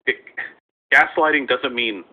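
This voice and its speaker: A man in a played-back stream clip, explaining a term in a lecturing, animated way. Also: medium pitch, unhurried, phone-quality sound.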